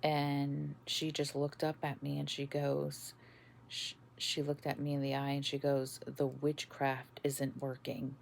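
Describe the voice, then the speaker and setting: Woman podcast host, low gravelly voice, unhurried, halting testimony. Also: monotone, a little hiss or hum. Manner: slow, halting, many fillers and restarts. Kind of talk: casual spoken testimony.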